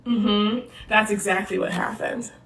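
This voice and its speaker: A woman's voice: medium pitch, fairly even intonation, a little slow, fairly bright tone, echoey room, distant mic. A woman therapist talking straight to the camera in a sassy, slangy, confrontational way. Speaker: social media therapist. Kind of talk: direct-to-camera social video.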